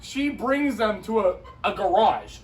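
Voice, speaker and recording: A man's voice: high-pitched, lively intonation, a little slow, soft background music. A young man co-hosting a podcast, telling a rambling story full of repeats and swearing. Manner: rambling, repeats himself, heavy swearing and filler "like". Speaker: podcast co-host. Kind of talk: casual chat and storytelling. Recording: distant mic with faint noise.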